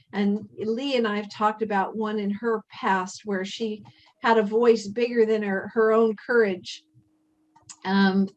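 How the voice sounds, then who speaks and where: A woman hosting a spiritual workshop, speaking in a measured, earnest way and drawing the group in with questions. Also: medium pitch, a little mellow, dull audio. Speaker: workshop host. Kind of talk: reflective spiritual talk.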